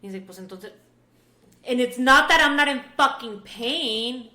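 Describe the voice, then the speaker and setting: A woman in her thirties co-hosting a podcast, telling stories with animated energy, swearing freely and switching between English and Spanish. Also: high voice, measured pace. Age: 30s. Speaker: podcast co-host. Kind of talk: candid casual chat. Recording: roomy echo.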